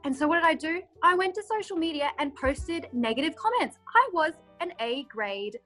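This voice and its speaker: A woman's voice: sits high, lively intonation, normal speed, fairly bright tone, soft background music. A woman hosting a casual podcast, speaking frankly and reflectively. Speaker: podcast host. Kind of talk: casual chat.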